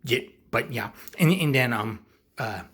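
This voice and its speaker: A man's voice: medium pitch, animated, a little slow, fairly bright tone, husky. A man rambling casually through a comic movie recap, offhand and full of fillers. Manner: rambling, offhand, lots of likes and ums.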